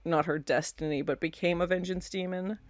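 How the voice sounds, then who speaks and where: A woman hosting a reaction video. She comments in an animated, chatty way and often squeals and laughs. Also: fairly low pitch, fairly quick. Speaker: host.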